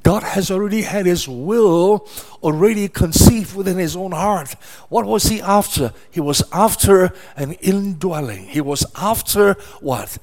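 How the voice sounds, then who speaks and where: A middle-aged man with a high-pitched voice delivers a sermon at an unhurried pace. He leans on repetition and rhetorical questions, building each point phrase by phrase. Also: expressive, a little mellow. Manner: emphatic, repetitive preaching cadence with rhetorical questions. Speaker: preacher.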